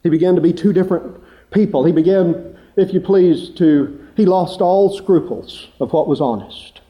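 A man preaching a sermon, telling a story with lively emphasis and earnest, drawn-out stresses on key words. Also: lo-fi sound. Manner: animated storytelling, rising pitch for emphasis.

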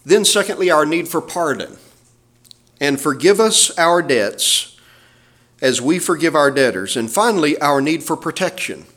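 A man's voice: fairly high pitch, very animated, a bit bright. Emphatic preaching man. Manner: preaching with emphatic, measured phrasing and scripture quotes. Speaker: pastor. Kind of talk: sermon.

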